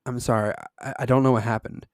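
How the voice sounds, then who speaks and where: A man's voice: mid-range voice, fairly even intonation, fast, darkish tone, no room sound, studio quality, natural voice. A man reading aloud, voicing a frightened young boy who pleads and screams after being lost at night. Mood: tearful.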